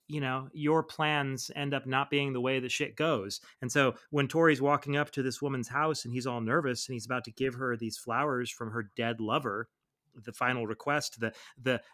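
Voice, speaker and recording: A man's voice: medium pitch, pushed and bright. A man co-hosting a comics podcast, chatting casually and animatedly, laughing often and swearing freely. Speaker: podcast co-host. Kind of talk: casual chat.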